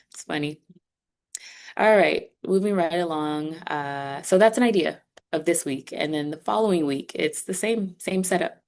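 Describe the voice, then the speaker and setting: A woman's voice: sits low, a little slow, long pauses, darkish tone. A woman speaking for a sign language instructor, walking students through an online course in an upbeat, conversational way. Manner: conversational, upbeat, explaining step by step. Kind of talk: online class walkthrough.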